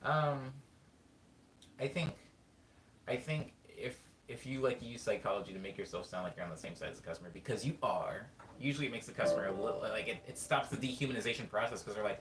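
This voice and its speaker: A man's voice: lowish voice, animated, fast talker, slight background noise. Rambling man in a roomy room. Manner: rambling, self-deprecating storytelling. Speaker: streamer and musician. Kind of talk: casual livestream chat. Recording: roomy room, distant mic, loud guitar.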